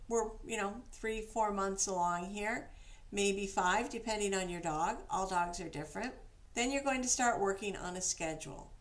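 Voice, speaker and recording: A woman dog trainer giving casual, practical instructions, now and then acting out the praise she gives a dog. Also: medium pitch.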